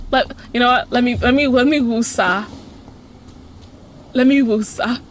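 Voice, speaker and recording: A woman's voice: sits high, slow, long pauses, a little mellow, a little hiss or hum. A woman giving gameplay commentary, swearing freely, ranting sarcastically and talking back at the game's characters. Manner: talks to the game characters. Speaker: let's play host.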